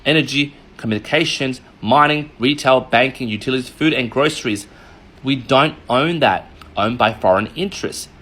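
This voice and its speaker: A man's voice: mid-range voice, moderate pace, fairly bright tone. An Australian man, a mortgage broker, ranting sarcastically in a commentary vlog with emphatic rhetorical questions.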